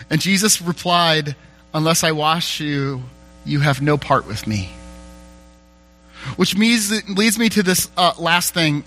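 A man's voice: fairly high pitch, pushed and bright. A man preaching a sermon in a church, candid, conversational and self-deprecating, a little teary.

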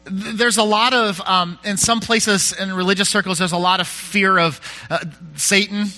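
A man's voice: sits high, steady tone, normal speed, sharp tone. A male pastor giving a conversational sermon, candid and self-deprecating, often restarting his sentences.

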